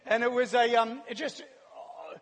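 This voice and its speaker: A man from New Zealand with a New Zealand accent giving a sermon with a personal testimony, an animated storyteller who laughs often. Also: very high voice, a little slow. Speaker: church speaker. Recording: long hall reverb.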